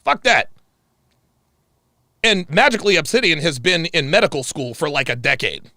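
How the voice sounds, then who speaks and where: A man's voice: moderate pace, no echo, clean studio sound. A man hosting a livestream, delivering a heated, profane rant and repeating phrases for emphasis. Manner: angry, profane, repeats himself; animated pitch swings. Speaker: show host.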